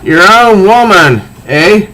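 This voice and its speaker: A man reading the lines of a scheming female bomber villain from a comic in a slow, mocking way. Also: high-pitched, expressive, sharp tone, voice pushed up, heavily acted, low-quality recording.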